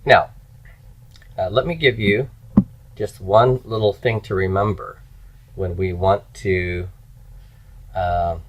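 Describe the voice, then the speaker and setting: A man teaching grammar in a slow, explanatory lecture, repeating key forms as he goes. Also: low voice. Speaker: Hebrew teacher. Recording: dull lo-fi lecture recording.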